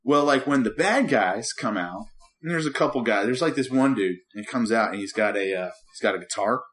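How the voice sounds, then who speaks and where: A man's voice: lowish voice, brisk. A man in his thirties co-hosting a podcast, telling a parenting story in casual chat and acting out the people in it. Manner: animated, laughing storyteller who acts out quotes. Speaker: podcast co-host.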